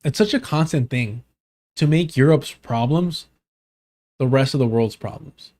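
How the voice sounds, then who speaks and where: A man's voice: mid-range voice, unhurried, darkish tone. A man streaming live, giving blunt, sarcastic reaction commentary.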